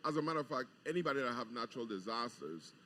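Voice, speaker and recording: A man's voice: medium pitch, expressive, very fast, sharp tone, slight background noise. A middle-aged man, a governor, chatting on a live radio show and patiently explaining budget matters in plain terms. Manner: laughs easily, explains patiently. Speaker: governor, guest. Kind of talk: casual radio chat, explaining policy. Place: outdoor deck at a live broadcast.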